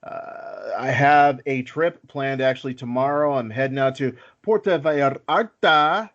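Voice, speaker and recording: A man's voice: mid-range voice, fairly even intonation, moderate pace. A man hosting a casual podcast chat, easygoing and self-deprecating, with lots of filler words. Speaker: podcast host. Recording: slightly dull lo-fi audio.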